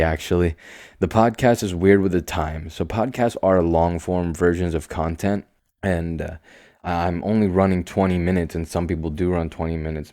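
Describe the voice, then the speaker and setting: A young man with a very deep, low voice hosts his own podcast and rambles through it with easy self-assurance. His delivery is slow, calm and soothing, with quiet asides and emphatic bursts. The sound is dry and close, with no room around it. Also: dry recording. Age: young adult. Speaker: podcast host. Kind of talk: casual solo podcast monologue.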